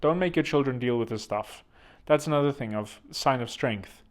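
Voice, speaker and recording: A man's voice: mid-range voice, normal speed. A man hosting a comedic self-help monologue, rambling and joking crudely at his own expense. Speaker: host.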